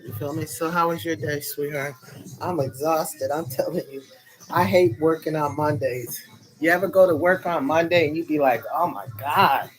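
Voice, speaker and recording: A man's voice: on the high side, fairly even intonation, moderate pace, poor audio. A man chatting with viewers on a casual phone live stream from his bed, rambling, annoyed and profane while sweet-talking his audience. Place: in bed at home under a cover. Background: faint music from another room.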